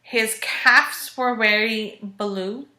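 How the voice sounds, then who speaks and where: A woman in her thirties telling a personal story in a frank, expressive, casual way. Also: a little high, very slow. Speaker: vlogger. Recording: echoey room.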